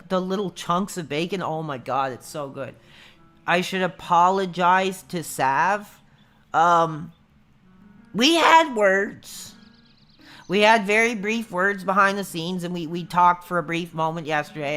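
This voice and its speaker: A man's voice: high voice, sharp tone. A man in his thirties chatting casually on a livestream, rambling and laid-back, calling everyone dude. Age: 30s. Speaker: streamer.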